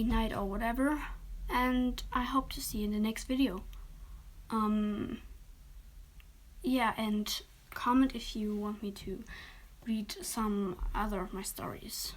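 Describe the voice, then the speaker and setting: Soft half-whispering woman reading a story. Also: medium pitch, a little hiss or hum, rough recording. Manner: half-whispered, gentle, with small restarts.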